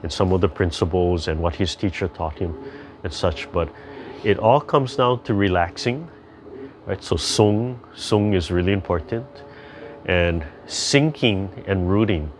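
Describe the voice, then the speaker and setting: An older man leading a tai chi class over a video call, chatty and gentle as he rambles through stories and calm instructions. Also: low-pitched, a little slow, slight background noise.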